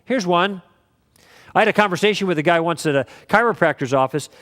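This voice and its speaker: Man, high-pitched voice, class lecture, anecdotal, long hall reverb. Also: animated, a little fast, fairly bright tone. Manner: conversational storytelling with acted quotes. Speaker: teacher.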